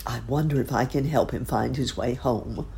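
Casting: a gentle, musing old rabbit gentleman with a gravelly low voice, as a woman puts him on. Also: moderate pace, slight background noise.

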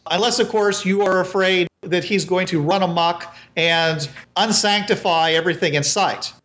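A man's voice: sits high, moderate pace, fairly bright tone. A man voicing a haughty male priest who speaks in pompous, archaic phrases. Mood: condescending.

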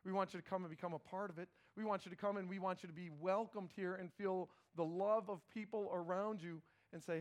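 A middle-aged male pastor preaching a sermon in a conversational, animated way, often repeating words as he starts phrases. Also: high-pitched, fairly quick, hardly any pauses.

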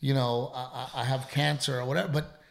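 Middle-aged male comedian, gravelly voice, candid and emphatic, swears a lot. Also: medium pitch, little pitch movement, fast. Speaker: comedian and podcast co-host. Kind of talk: casual storytelling chat.

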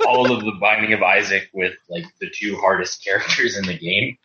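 A man's voice: on the low side, brisk, noisy background. A man chatting casually on a podcast, rambling and correcting himself as he goes. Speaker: podcast guest player. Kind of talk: casual chat. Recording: echoey, muffled remote audio.

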